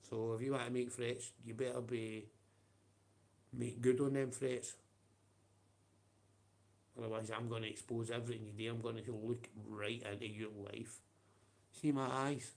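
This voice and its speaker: A man's voice: mid-range voice, level tone, normal speed, gravelly, long pauses. A man with a Scottish accent ranting on a livestream, profane and confrontational, with blunt taunts.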